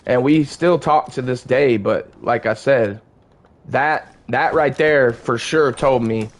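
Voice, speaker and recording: A man at a medium pitch talks to his live stream chat, loose and casual. He tells a story the way he would to friends, swearing freely and drifting from thought to thought. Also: slow pace. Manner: relaxed, profane, conversational. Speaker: game streamer.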